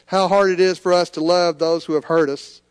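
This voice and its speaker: A man preaching a sermon in a church sanctuary, earnest, moving between soft pleading and lifted emphasis. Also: high-pitched, fairly even intonation, fairly quick, smooth, big-room sound. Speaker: pastor.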